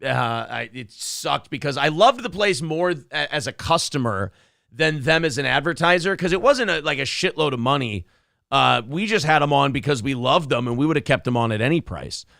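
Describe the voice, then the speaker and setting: A man's voice: a little high, lively intonation, moderate pace, gravelly, bright, forceful tone, no room sound, clean studio sound. A male morning show host, bantering crudely and joking with his co-host. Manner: crude, joking, swears freely. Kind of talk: casual radio show banter.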